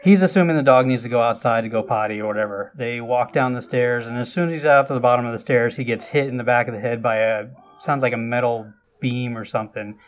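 A man of middle pitch tells a film's story in a relaxed, conversational podcast recap. He talks loosely, stacking asides and offhand comments as he goes, and now and then gets louder and more animated. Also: fast talker, few pauses, a little hiss or hum. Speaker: podcast host recapping a film. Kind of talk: casual film recap.

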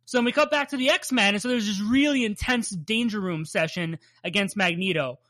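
A bright, forward voice tells the story in loose, rambling fashion and jokes and laughs along the way. It swears casually, and the sound is close and dry with no room around it. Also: medium pitch, moderate pace, no room sound. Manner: laughs often and plays up bits. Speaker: podcast co-host recapping a cartoon. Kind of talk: casual podcast chat.

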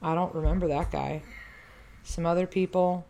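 A woman's voice: lowish voice, fairly even intonation, normal speed, vocal fry, dark tone. Swearing, rambling podcast woman. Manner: swears freely, rambling and joking. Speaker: podcast co-host. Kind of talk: casual chat.

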